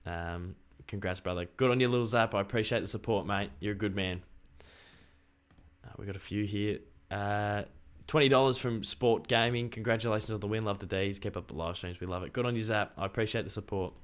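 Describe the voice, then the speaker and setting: A young Australian man chatting excitedly on a live stream and reading out viewer messages. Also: fairly low pitch, a little fast, clear, resonant tone. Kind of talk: casual live stream chat.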